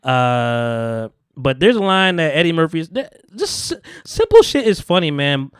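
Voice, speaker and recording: A man's voice: on the high side, sing-song, a little slow, clean tone, no echo, clean studio sound. A man hosting a podcast, casually recapping a movie in a loose, profane way, laughing often and acting out the characters' lines. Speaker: podcast host. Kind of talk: casual chat recapping a film.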